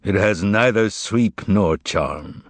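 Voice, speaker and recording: A man's voice: fairly low pitch, slow, dry recording. A man voicing a stern, dry, imperious male devil in an audiobook. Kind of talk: audiobook character voice.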